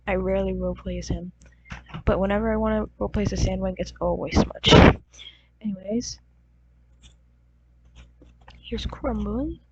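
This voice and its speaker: A woman's voice: mid-range voice, a little mellow. Groggy woman rambling and giggling, lots of ums, dull muffled mic with a faint hum. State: groggy, crusty voice from just waking. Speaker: channel host. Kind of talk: casual video showing her characters. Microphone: poor-quality home mic.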